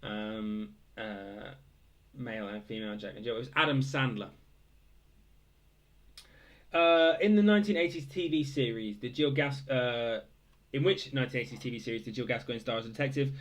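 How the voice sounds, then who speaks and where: A man's voice: mid-range voice, normal speed. A young man casually reading out quiz answers, hesitant, full of fillers, with dry joking asides. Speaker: quiz host.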